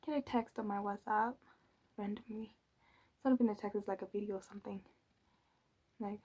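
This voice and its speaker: A woman's voice: medium pitch, level tone, brisk, warm tone, slightly rough, poor audio. A young woman telling a story in a casual, drawling way, mocking and exasperated, her voice often trailing into whispers. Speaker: channel host.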